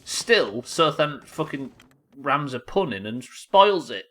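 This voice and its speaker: Bright-voiced Yorkshire streamer, swearing. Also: male voice, medium pitch, sing-song, slow pace. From Yorkshire, England. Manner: sweary, joking, chatty with viewers. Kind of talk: casual live-stream gameplay chat.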